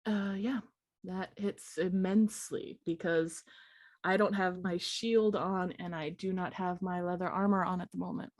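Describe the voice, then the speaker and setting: A woman playing a tabletop game, playful and quick to laugh. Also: on the low side, steady tone, darkish tone, no room sound, clean studio sound. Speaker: player.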